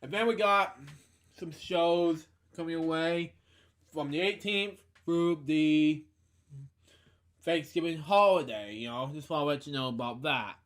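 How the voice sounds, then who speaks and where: A man's voice: on the high side, a little slow, a bit bright. A tired, yawning man hosting a home video show, rambling through announcements and a casual wrap-up. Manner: rambling, listy delivery with frequent fillers.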